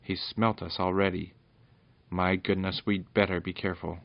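A fretful, mournful storybook companion, voiced by a man reading aloud. He worries over every danger in a deep, gravelly tone. The recording is dry and slightly muffled. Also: flat delivery, moderate pace, no echo. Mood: nervous. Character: nervous small helper Popoff, mournful.

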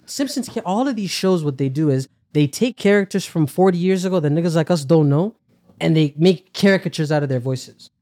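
A young man, a comedian guest chatting on a podcast in an animated, joking way. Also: a little high, fairly quick. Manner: animated, joking, slips into voices. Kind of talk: casual podcast chat.

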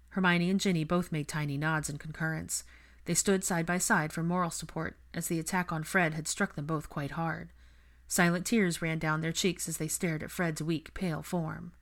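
A woman narrating a fan fiction story in a steady, measured reading. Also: low voice.

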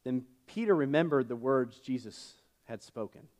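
A man's voice: medium pitch, animated, normal speed, a little mellow. Guy pastor preaching in church, chatty storytelling, lots of uh and restarts. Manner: conversational storytelling with fillers and self-corrections. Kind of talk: sermon.

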